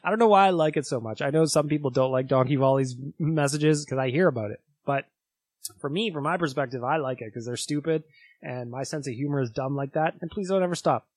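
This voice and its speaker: A man's voice: on the high side, brisk, no room sound. A man from Canada hosting a podcast in casual, chatty talk, laughing easily. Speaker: podcast host.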